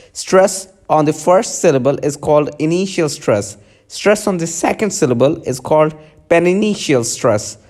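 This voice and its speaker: Man, teacher, lecture notes read aloud, slightly high voice, halting restarts. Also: a little mellow. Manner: halting, restarts clipped words.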